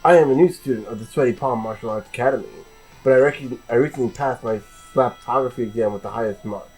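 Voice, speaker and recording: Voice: medium pitch, fast, a little mellow, slightly rough, soft background music, natural voice, rough recording. A player doing a nerdy martial arts student. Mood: earnest.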